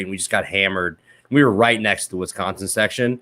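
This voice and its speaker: A man's voice: low voice, fairly even intonation, fast talker, a bit bright. Laid-back joking podcast host, a man. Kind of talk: casual podcast chat.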